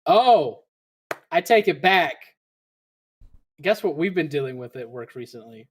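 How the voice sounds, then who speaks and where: A man co-hosting a casual live stream, relaxed and joking, swearing and laughing often. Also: fairly high pitch, unhurried, slight background noise. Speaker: co-host. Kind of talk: casual chat.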